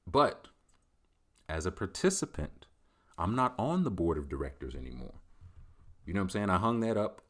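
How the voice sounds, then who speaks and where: A male podcast host riffing alone in a loose, joking, boastful manner. His voice sits very low and heavy. He treats his commentary like a comedy bit.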